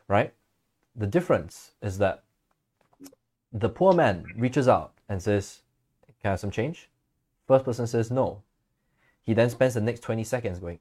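Guy with a lowish voice on a podcast, chill storytelling, laughs a lot and acts out little quotes. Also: expressive, normal speed, a little mellow. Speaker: podcast co-host. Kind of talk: casual podcast conversation.

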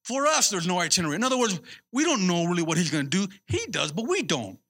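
A man's voice: high voice, fast, breathy edge. A man preaching as a pastor, telling a personal story and calling out to his congregation with repeated words. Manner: animated, repeats himself, calls out to the congregation.

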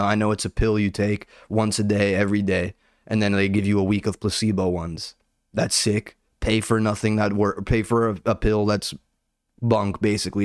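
A man's voice: on the low side, darkish tone, no room sound, studio quality. A young man ranting casually and sarcastically, swearing a lot and calling everyone "dude.". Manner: sarcastic, profane, says "dude" constantly. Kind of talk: casual comedic rant.

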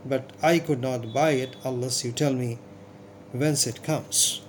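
A man reading the part of a curt jeweler who speaks dryly and slowly. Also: mid-range voice, fairly even intonation, slight background noise, natural voice. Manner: dry, measured. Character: curt male jeweler, dry and suspicious.

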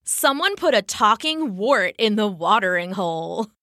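A woman's voice: medium pitch, big pitch swings, measured pace, fairly bright tone, no echo. A vain cheetah with a sneering, purring voice, as a woman plays her in a storybook. Her words slide lazily up and down in scorn. Dry, close sound. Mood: mocking. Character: vain, mocking female cheetah.

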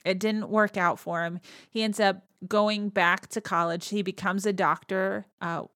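A woman's voice: mid-range voice, steady tone, fairly bright tone, no echo, clean studio sound. Chatty woman podcaster recapping a film. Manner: chatty, laughs often, retells scenes with quick quoted voices. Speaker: podcast host. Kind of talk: casual movie recap.

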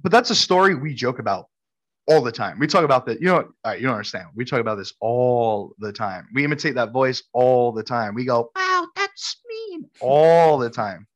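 A man's voice: medium pitch, lively intonation, fairly quick. A man from Brooklyn co-hosting a podcast, telling a story between friends and laughing often. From Brooklyn, New York. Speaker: podcast co-host. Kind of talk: casual storytelling chat.

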